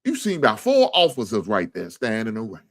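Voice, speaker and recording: A man's voice: huge pitch swings, fairly quick. Profane, preachy male sports-talk host. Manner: preachy, profane, swings from low grumble to high outraged shouts. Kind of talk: casual commentary on a video.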